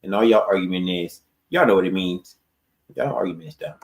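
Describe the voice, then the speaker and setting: A man's voice: low voice, animated, fairly quick. A man on a podcast panel mocking the others' arguments with profanity and calling people out by name. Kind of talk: heated debate.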